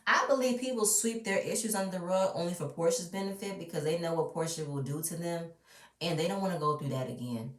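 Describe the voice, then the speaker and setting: A woman's voice: lowish voice, normal speed. A woman ranting bluntly and with strong opinions while recapping a reality show, swearing freely. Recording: roomy, mic at a distance.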